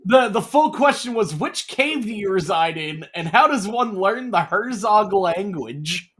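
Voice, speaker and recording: A man hosting a casual interview, animated and eager. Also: high voice, a little slow, slightly rough. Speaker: podcast host.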